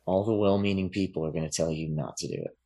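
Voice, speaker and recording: A man talking as a podcast guest in casual chat, relaxed and rambling, with many fillers and restarts. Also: sits low, fast talker.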